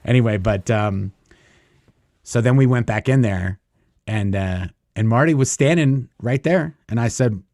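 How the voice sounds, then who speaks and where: A man's voice: mid-range voice, unhurried, darkish tone, dry recording, studio quality. A man telling a long personal story in a casual, rambling way, full of fillers, acting out what others said. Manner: rambling, many fillers, acts out quoted lines. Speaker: guest storyteller.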